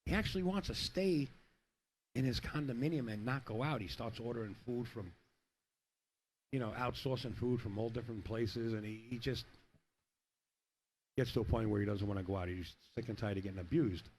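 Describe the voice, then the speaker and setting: A man's voice: medium pitch, moderate pace, long pauses, a little mellow, slight background noise. A middle-aged man commentating a pool match in a rambling, chatty way, telling jokes between shots. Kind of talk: casual play-by-play with joke telling.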